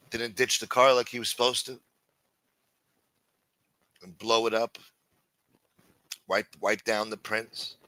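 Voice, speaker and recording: A man's voice: on the low side, pushed and bright, no room sound. A man hosting a livestream and telling a crime story in casual, profane street talk. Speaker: livestream host.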